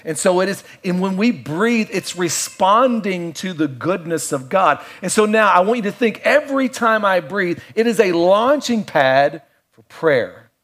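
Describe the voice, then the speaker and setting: Conversational man preaching, slightly high voice. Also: lively intonation, a little slow. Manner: conversational preaching with playful asides and hushed reflective stretches. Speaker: pastor. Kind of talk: sermon.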